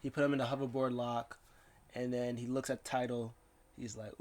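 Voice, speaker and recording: Excitable man rambling through a wrestling recap. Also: mid-range voice. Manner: rambling and excitable, with quick voices for the people he quotes. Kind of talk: casual rundown.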